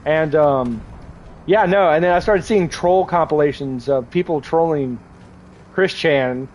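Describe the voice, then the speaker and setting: A young man talks loosely while he plays a game on stream, his voice sitting a little high. He rambles from story to story, swears freely and keeps breaking into laughter. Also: lively intonation, moderate pace, darkish tone, poor audio. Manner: rambling, laughing often, crude. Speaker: gaming streamer. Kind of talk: casual chat while gaming.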